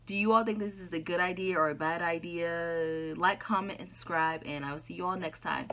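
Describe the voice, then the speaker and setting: A woman's voice: on the low side, fairly quick, pushed and bright, a little hiss or hum. A woman talking frankly to camera in an opinion vlog, throwing out rhetorical questions and answering them herself. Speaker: YouTuber. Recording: dull lo-fi sound.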